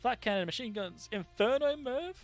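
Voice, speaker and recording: A man casting a game tournament, excitable and laughing often, catching and correcting his own slips. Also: very high-pitched, moderate pace, creaky, soft background music. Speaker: tournament caster. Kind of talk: casual game commentary.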